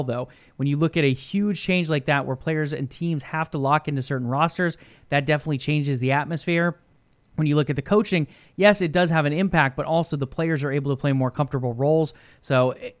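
A man co-hosting an esports news show, explaining things in a measured way and asking rhetorical questions. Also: on the high side, clear, resonant tone, no echo. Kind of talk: casual esports news discussion.

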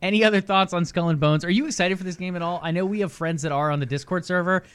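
A young man co-hosting a casual gaming podcast, chatty and speculative, thinking out loud. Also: high-pitched, fast talker, clean tone. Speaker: podcast co-host.

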